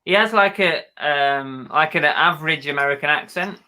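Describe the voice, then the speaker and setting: A man's voice: on the high side, moderate pace, pushed and bright. A man chatting casually in an easygoing, agreeable way. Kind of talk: casual chat.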